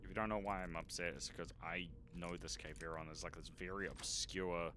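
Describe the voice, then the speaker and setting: Brief: Australian male streamer, very low voice, crude jokey game commentary, audible noise bed. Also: fairly even intonation, fairly quick, bright, forceful tone. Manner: swearing, joking, bursts of exclamation. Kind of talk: casual gameplay commentary.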